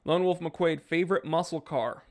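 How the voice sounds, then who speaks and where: A man's voice: a little high, moderate pace. A man hosting a live stream, reading chat messages and answering in a laid-back, rambling way with lots of fillers.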